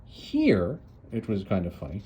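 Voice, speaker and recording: A man with a lowish, mellow, warm voice walks through a story in a relaxed, chatty way. He talks loosely, dropping in "uh"s and restarting sentences as he goes. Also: unhurried, lo-fi sound. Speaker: comics reviewer, host. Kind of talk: casual retelling of a story.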